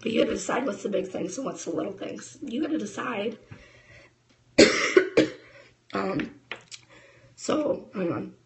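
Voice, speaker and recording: A woman's voice: mid-range voice, lively intonation, a little slow, vocal fry, long pauses, a little hiss or hum, rough recording. A woman in her thirties giving a casual, fired-up motivational talk to camera as a network marketing distributor, chatting straight to her viewers.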